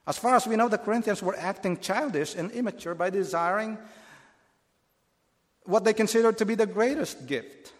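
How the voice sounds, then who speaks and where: A man's voice: sits high, long reverb tail. A man preaching a Bible teaching sermon, earnest and explanatory, often restarting his phrases.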